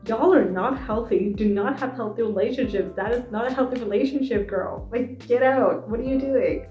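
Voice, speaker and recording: A woman's voice: on the high side, normal speed, hardly any pauses. Exasperated young woman ranting about books. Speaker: book vlogger. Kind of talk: casual book review vlog. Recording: echoey room with soft music behind.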